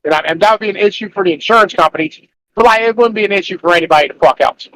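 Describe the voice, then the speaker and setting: A crude, rambling man riffs in a casual political chat, often incredulous. His voice sits high for a man. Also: very fast, sharp tone, a little hiss or hum, rough recording.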